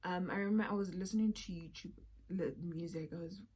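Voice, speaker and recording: A young woman with a South African accent telling a personal story in a casual, animated way, sometimes dropping to a whisper. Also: on the low side, fast, breathy edge. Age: young adult. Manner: animated, drops to a whisper for asides. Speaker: vlogger.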